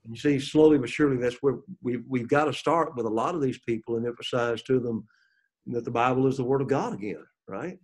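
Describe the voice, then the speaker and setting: A man's voice: medium pitch, fairly quick, husky. A man teaching a Bible lesson to a class, reading scripture aloud and asking the group questions. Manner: asks the class questions, reads scripture aloud with rising emphasis.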